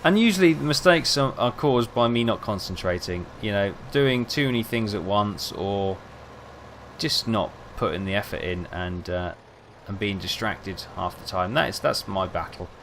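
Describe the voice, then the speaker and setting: A man's voice: on the low side, expressive, normal speed, a bit bright, a little hiss or hum. A young man rambling casually, telling self-mocking stories over gameplay. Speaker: gaming video host.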